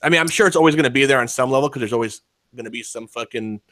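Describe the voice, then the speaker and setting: A man hosting a podcast, talking loose and profane with frequent laughs. His voice sits at an ordinary middle pitch. The sound is dry and close to the mic. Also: racing, a bit bright, no echo. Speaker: podcast host. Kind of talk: casual chat.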